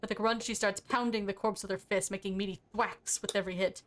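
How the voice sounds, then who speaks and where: A woman's voice: mid-range voice, fairly even intonation, fast, few pauses. Woman streamer narrating her game; casual, sweary, self-mocking. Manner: casual, swears, laughs at herself. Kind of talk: reading game text aloud while playing.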